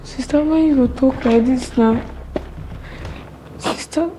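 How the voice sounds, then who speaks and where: A pleading Nigerian younger sister. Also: female voice, sits high, slow pace, mellow, a little hiss or hum, poor audio.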